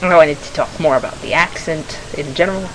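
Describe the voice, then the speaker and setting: Woman vlogger, low pitch, rambling self-correcting chat, slightly froggy throat, faint hiss on the camera mic. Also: a little fast, rough recording.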